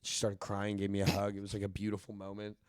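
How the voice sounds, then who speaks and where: A man's voice: fairly low pitch, monotone, fast talker, darkish tone, dry recording, clean studio sound. A man, co-hosting a podcast in casual chat, rambling and tripping over his words as he tells stories. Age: 20s. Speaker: podcast co-host. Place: studio.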